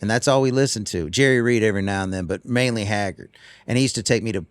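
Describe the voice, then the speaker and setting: A man, a guest telling lively stories in casual chat on a tour bus. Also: on the low side, fast. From North Carolina. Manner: animated storyteller.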